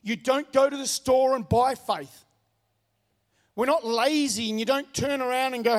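A man's voice: very high-pitched, a little slow, long reverb tail. A man preaching a sermon, telling a personal story in an earnest way and repeating his key phrases. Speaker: pastor.

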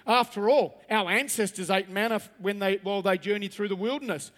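A man's voice: high-pitched, fairly quick, fairly bright tone, big-room sound. A man preaching a sermon as pastor, reading scripture aloud and then pressing his points with rising emphasis.

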